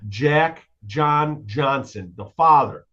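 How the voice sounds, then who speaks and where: A man guest co-hosting a podcast in casual chat, telling stories excitedly with plenty of swearing. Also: a little high, takes it slowly, lo-fi sound. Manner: excitable, swearing, lively storytelling. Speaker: guest co-host.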